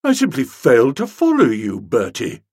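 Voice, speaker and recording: A man's voice: medium pitch, wildly swooping pitch, moderate pace, a little mellow, slightly rough, no echo, studio quality, heavily acted. A man doing a brash, hearty young man. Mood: exuberant.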